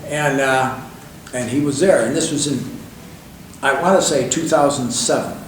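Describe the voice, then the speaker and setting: A man's voice: medium pitch, a little slow. Older man telling stories in an echoey room. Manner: loose and conversational, many fillers and restarts. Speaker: interview guest. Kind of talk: rambling anecdotal storytelling. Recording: echoey room, distant mic, faint hiss.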